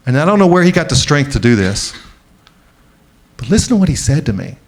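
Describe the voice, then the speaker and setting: A middle-aged man giving a conference keynote speech. He tells a personal story and often slows down and drops his voice for the emotional moments. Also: fairly high pitch, big pitch swings. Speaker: keynote speaker. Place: large conference venue.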